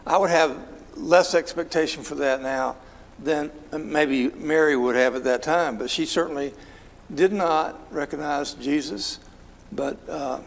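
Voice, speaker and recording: Poor audio captures a man with a fairly high-pitched voice teaching an informal Bible study in a large church hall. He keeps it conversational, full of fillers, and regularly puts questions to his class.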